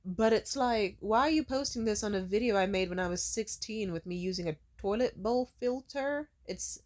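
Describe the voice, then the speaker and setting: A woman's voice: medium pitch, moderate pace. A young woman ranting casually to camera, sarcastic and full of fillers, mocking the comments she quotes. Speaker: video creator.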